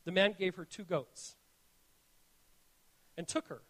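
A man with a notably high voice delivers a sermon to his congregation. He speaks earnestly and tells stories as he goes, and his phrases often stumble and restart. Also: slow pace, a bit bright. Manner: earnest, storytelling, frequent restarts. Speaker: pastor. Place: church.

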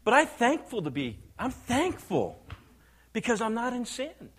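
An older man, a pastor, preaching a sermon with animated storytelling and acted-out quotes. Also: very high-pitched, measured pace, husky.

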